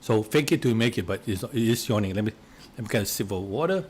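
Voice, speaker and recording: A man leading simple relaxation exercises step by step. He talks hesitantly, restarts and repeats words, coughs now and then, and goes soft and quiet while guiding. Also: on the low side, lively intonation, fast, slight background noise. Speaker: relaxation instructor.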